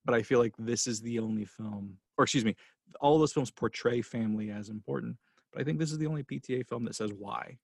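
A man's voice: medium pitch, fast, creaky, husky, no echo, clean studio sound. A man hosting a casual film podcast, talking passionately and rambling with restarts as he gets emotional. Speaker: podcast host.

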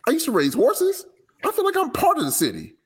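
A man doing a shrill, outraged singer. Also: huge pitch swings, a little fast, exaggerated voice. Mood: indignant. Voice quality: shrill, indignant. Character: outraged male singer, adult, ranting at a city.

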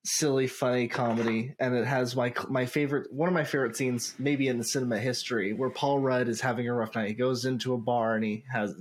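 A man's voice: medium pitch, fairly even intonation, fairly quick, hardly any pauses, breathy edge. A man co-hosting a casual podcast, rambling with fillers and laughing often. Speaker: podcast co-host. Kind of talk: casual chat. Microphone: podcast microphone.

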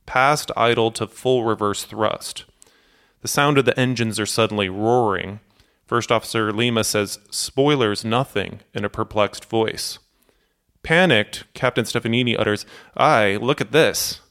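Smooth low-voiced male narrator. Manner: steady, measured storytelling that acts out cockpit quotes. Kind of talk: scripted documentary narration.

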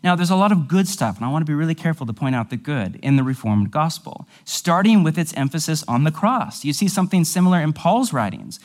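A man's voice: a little high, expressive, quick pace, hardly any pauses. A male pastor teaching a sermon in a conversational, explanatory way, with casual asides.

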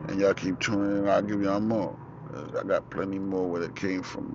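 A young podcast host, outside with four-wheelers passing, relates a story in loose, profane street slang and an animated manner. His voice sits low at a moderate pace. The recording is dull and lo-fi, carrying faint vehicle noise.

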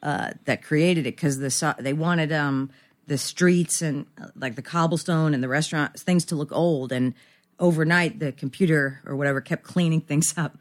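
A woman's voice: low voice, moderate pace. A woman in her fifties, a guest actress in a casual podcast interview, rambling and self-deprecating with many restarts.

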